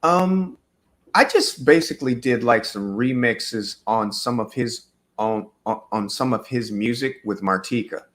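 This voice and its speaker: Bright-voiced man telling a rambling story. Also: medium pitch, measured pace. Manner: loose, rambling storyteller with many fillers. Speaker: musician guest. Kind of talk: casual storytelling interview.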